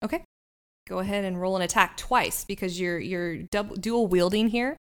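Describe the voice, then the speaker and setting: A woman's voice: medium pitch, normal speed, clean tone. A woman narrating a tabletop game as game master, describing scenes unhurriedly with fillers.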